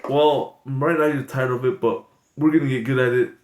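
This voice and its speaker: A man's voice: medium pitch, steady tone, brisk, a loud crowd. Rambling man hosting improv comedy. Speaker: comedy channel host. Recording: echoey room, loud background noise.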